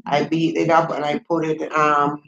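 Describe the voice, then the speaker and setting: A middle-aged Jamaican woman hosting a casual livestream. She talks in a relaxed, chatty way, reading out viewer comments and answering them between stories. Her Jamaican accent runs through everything she says. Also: deep voice, moderate pace, echoey room, dull audio, slight background noise. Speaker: livestream host.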